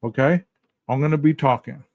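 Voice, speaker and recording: A man's voice: mid-range voice, steady tone, fairly quick, no room sound, muffled recording. A man hosting a casual commentary podcast, asking his listeners rhetorical questions directly. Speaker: podcast host.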